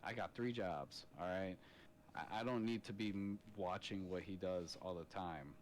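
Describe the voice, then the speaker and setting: A man's voice: low voice, moderate pace, a little hiss or hum. A man in his thirties, a father, chatting on a podcast in a blunt, profane storytelling manner. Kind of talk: casual podcast chat. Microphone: podcast microphone.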